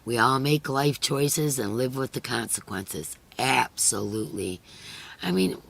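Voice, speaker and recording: A middle-aged woman chats casually with viewers on a crochet live stream. Her voice is hoarse and husky, with a gravelly edge under a bright tone. She talks earnestly and emotionally, filling her sentences with "you know.". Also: a bass voice, lively intonation, a little slow. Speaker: crochet channel host.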